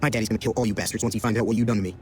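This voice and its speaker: A man's voice: fairly low pitch, fairly even intonation, rapid-fire, a little hiss or hum, natural voice. An actor playing a brash, complaining rural young man, a spoiled son, in a game. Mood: indignant. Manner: cocky, complaining. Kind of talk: video game voice acting.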